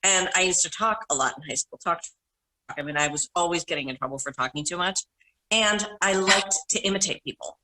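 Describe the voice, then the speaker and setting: A middle-aged woman with a bright, forceful voice that sits a little low. She tells long, animated stories as a panel guest, often correcting herself mid-sentence. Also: fairly quick, low-quality recording. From Minnesota. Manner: rambling, self-correcting, animated anecdotes. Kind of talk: casual storytelling.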